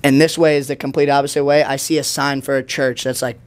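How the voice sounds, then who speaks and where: Fast-talking young man telling a story. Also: medium pitch, clear, resonant tone. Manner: rambling, animated storytelling full of slang and fillers; dramatic retelling with acted quotes. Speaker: podcast guest. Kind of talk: casual storytelling.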